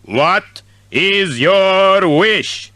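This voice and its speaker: A man voicing a formal, solemn genie who speaks slowly and distantly. Each line is drawn out like a ceremonial pronouncement in a read-aloud fairy tale. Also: high voice, expressive, bright, forceful tone, dry recording, pitched above the performer's own voice, heavily acted. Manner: slow, formal. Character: solemn male genie of a harp.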